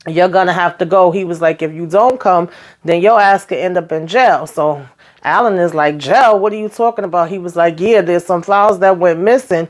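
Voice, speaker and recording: A woman hosting her own recap channel, chatting casually and folksily, calling her listeners child and honey and acting out the characters' lines. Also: lowish voice. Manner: acts out the characters' lines in quick voices.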